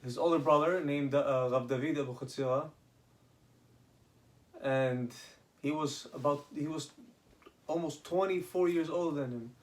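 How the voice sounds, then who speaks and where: A man casually retelling rabbinic stories, halting, with many restarts and Hebrew terms. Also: fairly high pitch. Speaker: storyteller.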